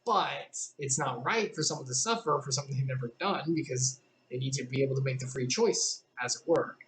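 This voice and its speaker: A woman's voice: extremely low pitch, brisk, a little hiss or hum. A woman streamer chatting casually between readings, wandering into tangents and apologizing for them. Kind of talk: casual chat and reading aloud.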